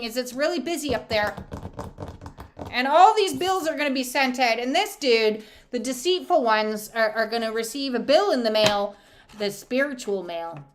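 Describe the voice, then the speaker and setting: A woman's voice: fairly high pitch, fairly bright tone, slight background noise. A woman doing an oracle reading, talking in a casual, irreverent spiritual monologue with wry humor and plenty of fillers. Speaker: oracle reader.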